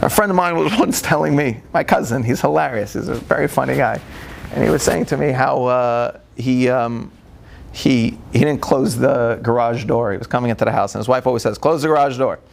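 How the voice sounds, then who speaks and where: A man with a medium-pitched, gravelly voice talks briskly, with slight background noise behind him. He's a rabbi giving a humorous lecture, animatedly telling family stories, acting out dialogue, and laughing a lot.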